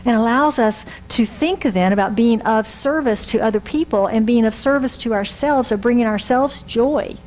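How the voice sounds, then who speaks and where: Older woman minister, relaxed conversational sermon delivery with rhetorical questions; faint hum under the recording. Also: fairly high pitch, moderate pace, few pauses, poor audio. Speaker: reverend.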